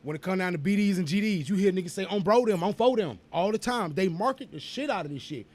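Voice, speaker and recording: A man, co-hosting a casual podcast in a rambling, animated and profane way, always going off on tangents. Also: high voice, fast. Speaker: podcast co-host.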